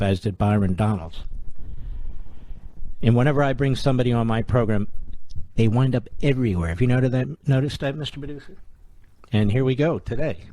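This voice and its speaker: A man's voice: medium pitch, a little mellow. A man hosting a talk radio show, delivering an opinion monologue in a sarcastic, combative way full of rhetorical questions.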